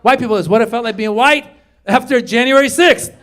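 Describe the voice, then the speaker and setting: A man performing a stand-up comedy set, energetic, jumping to loud shouted punchlines and acted voices. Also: extremely high pitch, brisk. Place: comedy stage with a live audience. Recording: live club recording, audience laughter and faint noise.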